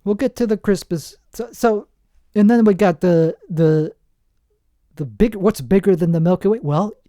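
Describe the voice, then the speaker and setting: A man's voice: sits high, warm tone, dry recording, studio quality. A man hosting a podcast in a rambling, self-mocking comedic monologue, trailing off and restarting his sentences. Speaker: podcast host. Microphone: podcast microphone.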